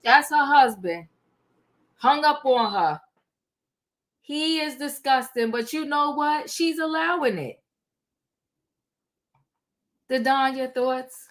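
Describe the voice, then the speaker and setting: A woman's voice: high voice, lively intonation, slow, pauses often. A woman hosting a live reality TV recap, emphatic and opinionated, calling on her co-hosts. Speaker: livestream host.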